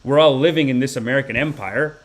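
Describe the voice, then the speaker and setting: A man in his thirties from Canada hosting a live-stream podcast of satirical commentary, profane and animated, swinging between loud outbursts and mumbled asides. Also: mid-range voice, fast. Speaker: podcast host.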